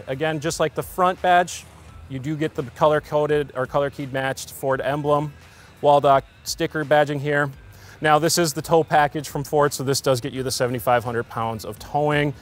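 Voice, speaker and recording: An American man, a car salesman, giving an upbeat walkaround of a truck outdoors at a dealership, with frequent fillers. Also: medium pitch. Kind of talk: vehicle walkaround presentation.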